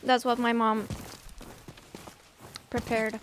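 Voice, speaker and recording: Young Bulgarian-accented woman, high voice, chatty gaming streamer. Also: little pitch movement, slow, slight background noise. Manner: chatty, teasing, reads chat aloud. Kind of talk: casual gaming livestream chat.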